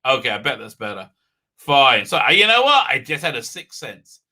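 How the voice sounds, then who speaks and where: A man's voice: mid-range voice, big pitch swings, moderate pace, sharp tone. A man hosting a live stream, rambling with many fillers and restarts while he reads out viewer comments and fiddles with his mic. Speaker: livestream host. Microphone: desk mic with unsteady level.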